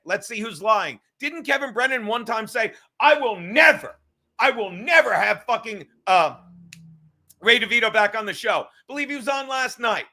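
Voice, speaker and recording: High, bright-voiced man ranting profanely. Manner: profane, combative, mocking. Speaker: livestream host. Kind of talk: ranting livestream commentary.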